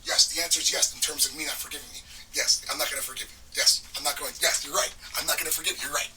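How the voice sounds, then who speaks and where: A man's voice: fairly high pitch, fairly even intonation, very fast. A man delivering an agitated, repetitive, accusing monologue to an unseen listener. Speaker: vlogger. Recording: distant mic with faint background noise.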